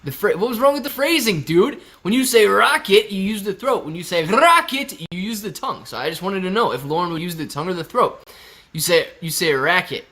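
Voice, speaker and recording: Young male stream host, bright and slightly high, jokey chat reader. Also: animated, quick pace. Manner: joking, reads viewer chat aloud. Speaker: livestream host. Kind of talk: casual live stream chat.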